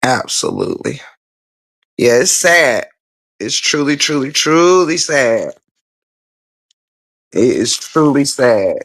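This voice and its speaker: Speaking at a slow, deliberate pace, a woman hosting a livestream drives her points home with blunt, profane repetition, returning again and again to her viewers and replying to their comments directly. Her extremely low voice is expressive, and the close, dry recording has no room sound at all.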